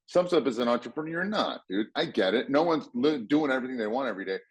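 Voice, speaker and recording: Husky, blunt motivational man. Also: medium pitch, animated, fast talker. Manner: blunt, swears freely, acts out quoted voices. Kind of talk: casual motivational talk.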